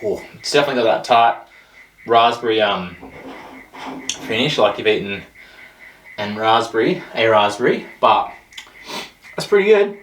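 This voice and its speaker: A man's voice: on the low side, moderate pace, long pauses, a bit bright, distant mic. A man hosting a casual beer tasting show, chatting in a rambling, jokey way. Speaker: host of a beer review show. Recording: roomy echo, voice off-mic.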